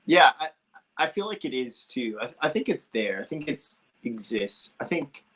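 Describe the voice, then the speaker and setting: A man's voice: medium pitch, fairly bright tone. A man hosting a podcast, talking in a thoughtful, hedging way with many restarts. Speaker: podcast host. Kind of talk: casual chat.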